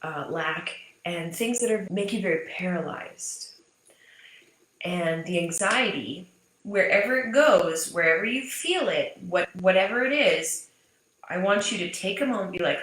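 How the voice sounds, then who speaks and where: In an echoey room with slight background noise, a woman in her thirties who coaches business mindset speaks animatedly at a measured pace, her lowish voice a bit bright. She's frank and casual with her viewers, cursing freely and driving points home by repeating them.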